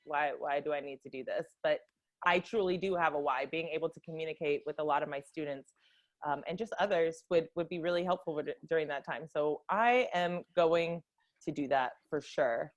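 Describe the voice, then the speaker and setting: A woman co-hosting a casual live podcast, with a Boston accent, talking in an animated way with frequent laughs and lots of "like" fillers. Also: low-pitched, normal speed, dull audio. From United States. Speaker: podcast co-host.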